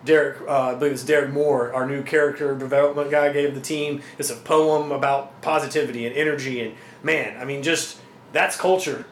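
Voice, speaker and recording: A man's voice: mid-range voice, fairly even intonation, fairly quick. A man hosting a casual sports podcast interview, talkative and agreeable, filling his speech with "you know". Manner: talkative, agreeable, frequent fillers. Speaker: podcast host. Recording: echoey room with faint background noise.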